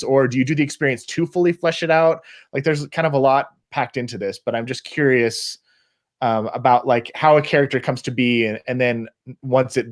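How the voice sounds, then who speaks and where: A man hosting a live video call interview, asking long, rambling questions full of fillers. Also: medium pitch. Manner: rambling, hesitant, many fillers. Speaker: host.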